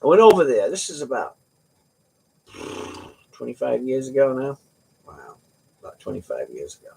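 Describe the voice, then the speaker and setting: A man's voice: mid-range voice, wildly swooping pitch, normal speed, creaky, a little mellow, slightly rough. A middle-aged man hosting a livestream, chatting casually with viewers and telling rambling, joking stories. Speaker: livestream host.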